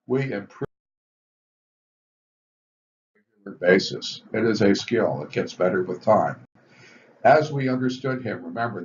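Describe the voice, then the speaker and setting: Low-pitched guy lecturing slow and steady about recovery steps, kinda muffled lo-fi audio. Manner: measured, explanatory, stresses step headings. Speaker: physician teaching addiction recovery. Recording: dull lo-fi recording with faint hiss.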